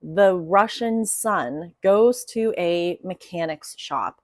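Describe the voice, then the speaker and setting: A young woman explains writing craft in a loose, talkative way, full of "like" and "you know". Her voice sits slightly low, and the recording is close and dry with no room around it. She tells the story with real animation. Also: slow pace, no room sound. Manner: chatty, animated storyteller with many fillers. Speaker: writing coach. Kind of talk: casual explainer to camera.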